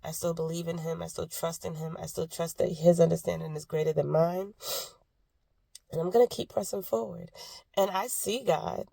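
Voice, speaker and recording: Woman, 30s, low gravelly voice, a little sick, reflective and rambling vlog talk. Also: fairly even intonation, moderate pace, dark tone, dry recording. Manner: candid, reflective, rambling with tangents. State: sick, with a cough. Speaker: vlogger. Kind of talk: personal faith vlog.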